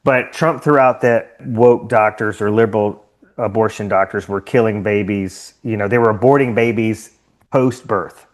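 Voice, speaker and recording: A man's voice: fairly low pitch, normal speed. A man hosting a podcast, telling stories animatedly and acting out what others said. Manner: animated storytelling, acts out quotes. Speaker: podcast host. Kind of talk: casual conversation.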